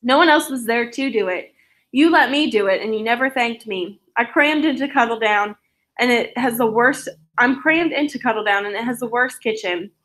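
A resentful middle-aged aunt with a sharp, accusing edge, read out by a woman. Her voice sits a little high, and she presses every complaint home. It sounds like a storybook read aloud. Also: normal speed, lightly acted. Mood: bitter.

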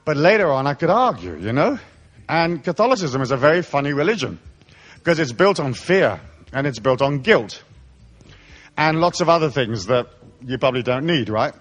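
His voice is on the high side and fairly bright, very animated but at a normal speed. The man, middle-aged, born in England and brought up in Africa, lectures on spirituality live to an audience in a crude, mocking, comedic rant full of impersonated voices.

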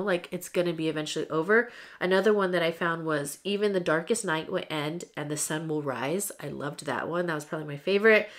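A young woman vlogging straight to her viewers in a candid, chatty way, full of fillers. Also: lowish voice. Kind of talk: casual talk to camera.

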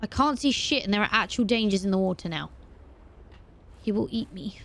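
A woman playing a video game, talking to herself in an animated way and breaking into startled exclamations. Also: mid-range voice, brisk. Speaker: let's play host. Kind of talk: gaming commentary.

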